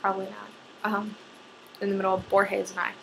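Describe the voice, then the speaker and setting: A woman's voice: mid-range voice, monotone, normal speed, creaky, noisy background. A young woman from North America with a plain American accent, chatting casually and rambling in a voice meme vlog. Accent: General American. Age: young adult. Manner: chatty, rambling, self-mocking, swears casually. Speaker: vlogger.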